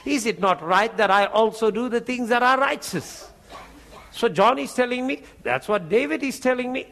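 High-pitched male preacher, animated storyteller with frequent chuckles, sermon testimony. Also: moderate pace, gravelly.

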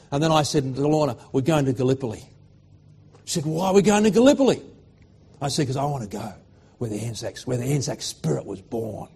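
Preaching a sermon in a fairly high, husky voice, this middle-aged Australian man moves between fervent, loud proclamations and quiet, emotional stories.

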